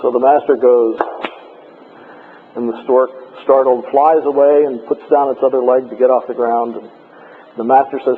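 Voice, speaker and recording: A man giving a classroom lecture on logic, explaining points in a measured way with frequent pauses. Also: medium pitch, fairly even intonation. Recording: tinny lo-fi lecture tape with faint hiss.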